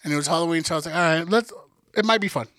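A man co-hosting a podcast, telling a story in relaxed, profane casual chat. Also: on the high side, rapid-fire, no echo. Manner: laid-back, profane, quiet narration. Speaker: podcast co-host.

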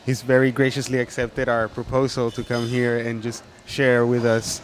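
A man hosting a podcast interview in a coffee shop, laughing often and halting with fillers. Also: medium pitch, monotone, slight background noise. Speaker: podcast host. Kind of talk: casual interview chat.

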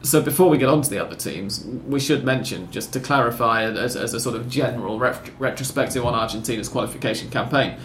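A man's voice: medium pitch, fast, hardly any pauses, a bit bright, reverberant, slight background noise. A man hosting a casual football podcast, talking in long rambling sentences with wry self-corrections. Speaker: podcast host.

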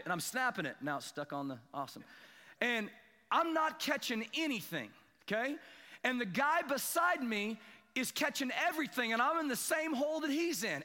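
A man preaching a sermon, telling a self-deprecating fishing story and building to excited emphasis. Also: sits high, a little fast, long reverb tail. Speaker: pastor. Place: church sanctuary.

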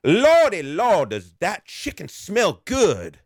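A man's voice: high voice, wildly swooping pitch, takes it slowly, no echo, clean studio sound, voice pushed up, heavily acted. A man putting on a drawling, wheedling street beggar. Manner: drawling and sing-song.

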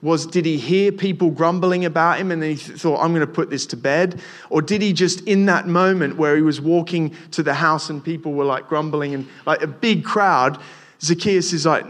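Casual, halting young male preacher. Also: fairly high pitch, a bit bright. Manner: conversational, repeats words and restarts, addresses the listeners as guys. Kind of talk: casual sermon.

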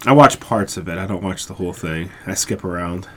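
A man with a lowish voice and a bright, forceful tone, giving blunt opinions in casual banter. He laughs often and talks plainly. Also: a little fast. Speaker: podcast co-host. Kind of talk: casual chat.

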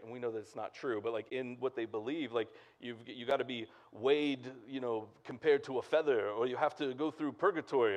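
Guy pastor preaching super casual, lots of like and right, chatty sermon. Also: mid-range voice. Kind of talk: conversational sermon.

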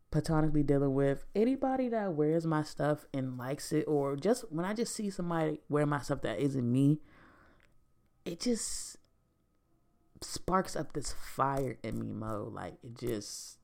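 A woman's voice: low-pitched, vocal fry, darkish tone. A young woman talking to her viewers in a casual, rambling monologue, candid and slangy, swearing freely. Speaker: vlogger.

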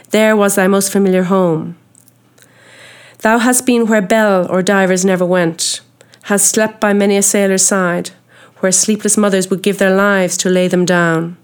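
A grim, obsessed old sea captain, read by a woman in an audiobook, who declaims in grand, solemn, old-fashioned phrases. The voice sits at a middling pitch and carries weight rather than speed. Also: clear, resonant tone, lightly acted. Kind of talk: audiobook character reading.

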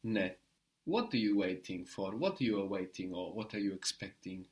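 Male tutor, patient drill style, quick "good" after each answer. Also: low voice, animated. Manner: patient, prompting with short praise. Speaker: language teacher. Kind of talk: language lesson drills.

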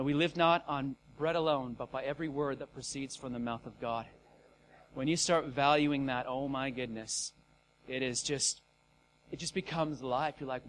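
A man preaching a sermon in a casual, energetic way, talking straight to his listeners and sometimes acting out scenes with shouts. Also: a little high.

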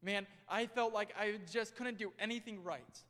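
A young male pastor preaching a sermon in a church, swinging between loud and hushed delivery. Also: high voice, steady tone, moderate pace. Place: church sanctuary. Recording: long hall reverb.

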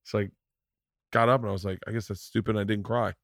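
A male podcast host with a very low, gravelly voice tells loose, animated stories and swears freely. The mic is close and dry. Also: fast talker, no room sound. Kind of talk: casual conversation.

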